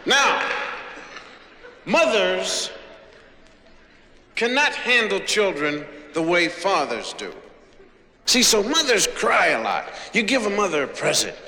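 A man's voice: sits high, very animated, takes it slowly, pauses often, pushed and bright, a little hiss or hum. A man telling a rambling comic monologue full of hip slang. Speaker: comedian.

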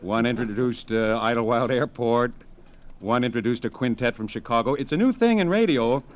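Deadpan middle-aged male radio humorist, wry and offhand, mid-pitched voice, loose unhurried delivery. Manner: wry, loose and offhand, with chuckles and side remarks. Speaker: radio humorist reviewing television. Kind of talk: dry satirical monologue. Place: radio studio.

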